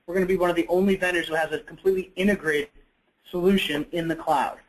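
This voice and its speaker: A man presenting in a business webinar with a somewhat high voice. He talks in a loose, conversational way, often saying "you know" and correcting himself partway through sentences. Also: fairly even intonation, fast, rough recording. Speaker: product presenter.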